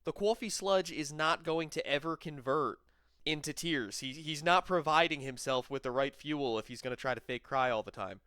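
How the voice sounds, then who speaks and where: A man's voice: on the high side, moderate pace, sharp tone, smooth, no room sound. Dry, mocking male commentator. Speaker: commentary channel host. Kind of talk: sarcastic commentary voice-over.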